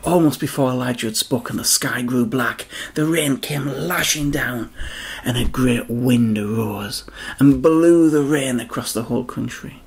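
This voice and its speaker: A man's voice: mid-range voice, measured pace, slightly rough. A man narrating a Bible story for children, speaking expressively and addressing the kids directly.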